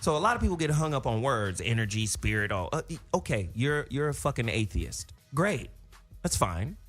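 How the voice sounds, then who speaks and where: A man's voice: medium pitch, moderate pace. Guy hosting a talk show, swears a lot, goes off on tangents, voice all over the place, some music in the back. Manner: animated, profane, riffing on tangents. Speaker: podcast host. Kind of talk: casual chat.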